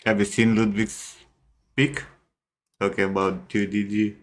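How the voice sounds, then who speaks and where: A man on a livestream with a somewhat low voice. He chats casually and jokes bluntly. Swear words come out freely. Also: little pitch movement, unhurried. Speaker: streamer.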